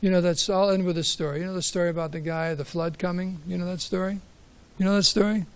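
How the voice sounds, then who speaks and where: A man's voice: high voice, fairly even intonation, fast, smooth. A man giving a conversational scripture class, asking rhetorical questions and telling stories. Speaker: class speaker.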